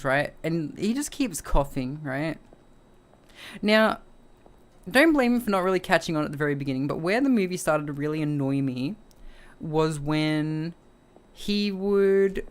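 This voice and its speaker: This is a woman, talking casually to her stream viewers. She recaps a story in a loose, conversational way and keeps checking in with a "right?". Her swearing is offhand and relaxed. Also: low voice, a little slow, long pauses. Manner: acts out the character with short mumbled lines and cries. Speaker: streamer reviewing a film. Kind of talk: casual chat.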